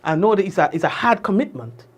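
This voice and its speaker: A man with a Grenadian accent hosting a news show, reading notices and adding relaxed asides with fillers. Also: sits high, quick pace, a little hiss or hum. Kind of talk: casual news reading with commentary.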